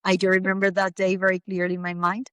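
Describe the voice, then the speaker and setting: A woman's voice: mid-range voice, completely flat delivery, quick pace, smooth, dry recording. A middle-aged Spanish woman speaking English with a Spanish accent, a podcast guest telling stories casually with many fillers and restarts. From Spain. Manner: warm storytelling with frequent fillers and restarts. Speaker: guest, English academy owner. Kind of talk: casual chat.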